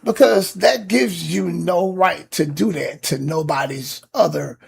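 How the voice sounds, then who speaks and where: A man hosting a podcast, telling a neighbor story in a casual, animated, profane rant. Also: on the high side, unhurried, a little hiss or hum. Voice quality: gravelly, husky. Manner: animated, acts out quotes, profane. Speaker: podcast host.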